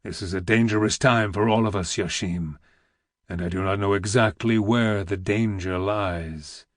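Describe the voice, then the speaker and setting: A man voicing a deep growling old grand vizier. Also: no echo, studio quality, close to an everyday voice. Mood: grave. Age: older. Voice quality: very deep rumbling growl, almost a whisper. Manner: slow, grave and weighty. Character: old heavy weary Ottoman grand vizier. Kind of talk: audiobook reading.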